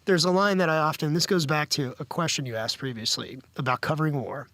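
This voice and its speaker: Man, news interview guest, earnest, halting restarts, slightly high voice, dry close sound. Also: fairly bright tone, dry recording. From United States. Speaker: guest correspondent.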